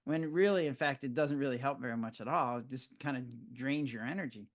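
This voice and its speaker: A man's voice: mid-range voice, fairly quick. An older man, a physician, explaining stress in a conversational interview and acting out his own reactions as he tells stories. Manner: animated storyteller who acts out his own reactions. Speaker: physician guest.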